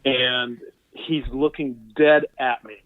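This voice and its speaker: A man's voice: medium pitch, slow, no room sound. Man on a tinny phone line. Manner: animated anecdotal storyteller, quotes people in voices. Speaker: physical therapist guest. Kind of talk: conversational interview storytelling.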